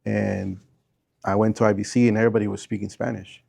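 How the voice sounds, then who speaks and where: Man, fifties, from Bolivia, gravelly voice, relaxed storyteller, repeats answers. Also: on the low side, quick pace. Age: 50s. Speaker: interviewee, teacher and coach. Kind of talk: casual interview.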